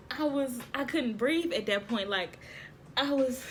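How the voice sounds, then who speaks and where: A woman vlogging casually, telling a story to viewers in an excitable way, repeating phrases and laughing often. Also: fairly high pitch, normal speed.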